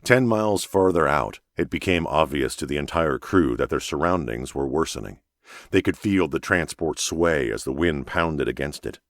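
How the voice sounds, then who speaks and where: A male audiobook narrator with a very deep, low voice, reading a thriller in a measured, even way. The recording is close and dry, with no room sound. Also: no room sound. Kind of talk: scripted narration.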